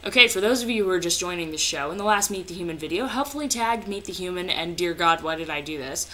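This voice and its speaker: A woman's voice: fairly low pitch, big pitch swings, a little fast, pushed and bright. Hyper, joking young woman vlogger. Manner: hyper, swearing, jokey asides. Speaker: vlogger answering viewer questions. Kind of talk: casual chat.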